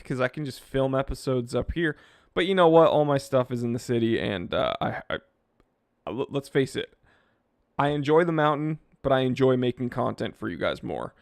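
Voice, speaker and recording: A man hosting a casual live stream, reading viewer comments aloud and joking about himself in a lively, self-deprecating way. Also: medium pitch, creaky, no room sound, studio quality. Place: home studio in California. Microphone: wearing headphones, close mic.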